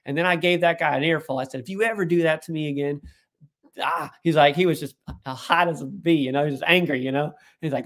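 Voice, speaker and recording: A man as an interview guest, telling an animated story and putting on voices for the people he quotes. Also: on the high side, fast talker. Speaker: guest, tech executive.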